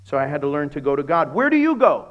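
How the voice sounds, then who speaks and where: A middle-aged man preaching a sermon as a pastor, telling humorous stories and acting out conversations in a lowered voice. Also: fast talker, lo-fi sound. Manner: animated, humorous storytelling that acts out dialogues in a lowered voice.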